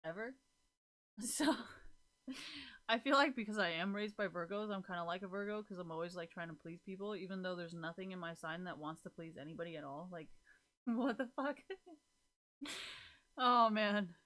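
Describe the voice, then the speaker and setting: Casual streamer woman, bright tone, giggly, swears a lot. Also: on the low side, moderate pace, long pauses. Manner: laughs often, swears freely, rambling. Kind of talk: casual chat.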